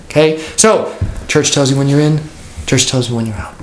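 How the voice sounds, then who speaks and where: A man's voice: mid-range voice, moderate pace. A man who is a pastor teaching an informal catechism class, talking conversationally, joking and acting out the people he quotes. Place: church classroom. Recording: echoey room with faint noise.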